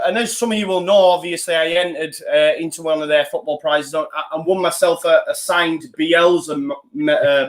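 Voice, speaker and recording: A man's voice: a little high, fairly bright tone. A man hosting a casual podcast chat over a video call, chatty and upbeat with lots of fillers. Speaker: host.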